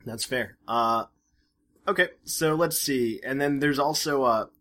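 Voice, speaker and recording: A man co-hosts a casual podcast in a middle-pitched voice. He rambles and hesitates, piling on fillers and restarting his sentences as he thinks aloud. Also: unhurried, bright, forceful tone. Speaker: podcast co-host.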